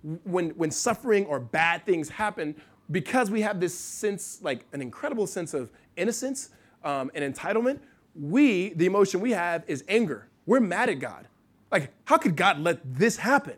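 A middle-aged man from the United States delivers a sermon in a high, light voice. He talks in a loose, conversational way, with restarts and asides. His level swings between loud, pressing points and quiet, hushed passages. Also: normal speed. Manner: animated preaching with wide swings from loud to hushed. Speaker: pastor.

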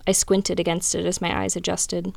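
A woman reading a first-person romantic story aloud in a measured, even way. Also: on the low side, vocal fry, no echo. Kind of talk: reading fan fiction aloud.

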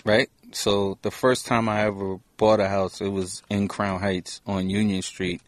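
Brooklyn man with a low voice telling stories. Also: unhurried, no echo. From Brooklyn, New York. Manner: animated storyteller, swears freely. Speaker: guest. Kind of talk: casual podcast chat.

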